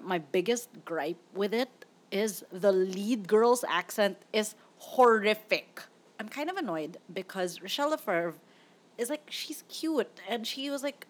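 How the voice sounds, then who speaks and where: Chatty, opinionated woman podcast host. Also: on the high side. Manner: chatty, opinionated, laughs often. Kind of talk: casual chat reviewing movies.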